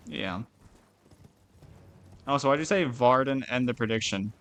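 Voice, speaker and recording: A young man streaming a video game, chatting casually with viewers, swearing often and venting loudly at the game. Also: mid-range voice, unhurried, long pauses. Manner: loud, swearing, frustrated outbursts and laughing. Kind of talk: casual gaming stream chat.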